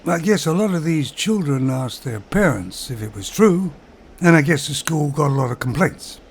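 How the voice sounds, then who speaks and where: A man's voice: on the high side, expressive, normal speed, a little hiss or hum. A man with an English accent giving a sarcastic, ranting monologue to his viewers, chuckling at his own remarks. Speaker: vlogger. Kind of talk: opinionated monologue.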